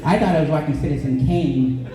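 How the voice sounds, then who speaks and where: A male stand-up comedian from Colorado, delivering a deadpan comedy set in a small club. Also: on the high side, crowd noise. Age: 20s or older. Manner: deadpan, sings a parody song at a slow drawn-out pace. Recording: echoey room, voice caught from a distance.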